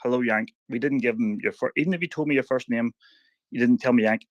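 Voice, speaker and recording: A middle-aged man with an Irish accent argues his side in a live audio chat, stumbling and repeating himself as he pushes to be heard. His voice sits at an ordinary pitch. The recording is dry and close, with no room sound. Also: no echo, lo-fi sound. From Ireland. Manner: halting, repeats words while trying to get a turn.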